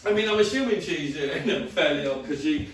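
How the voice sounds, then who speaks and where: Young man, stand-up comedian, high voice, roomy stage sound from a distance. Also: a little fast, a little hiss or hum. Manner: lively storytelling with frequent laughter. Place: comedy venue with live audience. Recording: roomy stage audio from far off, crowd behind.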